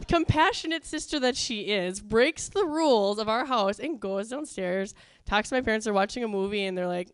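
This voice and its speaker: A woman's voice: fairly high pitch, lively intonation, measured pace, a bit bright, clean tone, no echo. A woman telling a funny personal story to a live crowd in a chatty, wry, self-mocking way, with plenty of ums.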